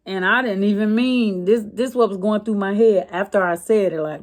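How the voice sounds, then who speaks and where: A woman's voice: mid-range voice, normal speed, few pauses. A woman vlogger telling a story in a casual, chatty way, with many fillers and restarts.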